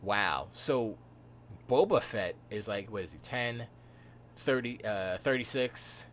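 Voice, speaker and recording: A man's voice: fairly low pitch, expressive, takes it slowly, a bit bright, slight background noise. A man hosting a live stream, chatting casually in a rambling, joking way. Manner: rambling, joking, trails off into laughter. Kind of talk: casual chat.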